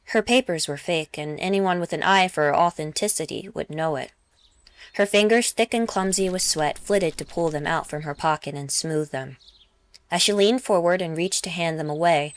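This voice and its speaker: A woman, the author, narrating her own novel in a steady, measured reading. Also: low-pitched. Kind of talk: audiobook narration.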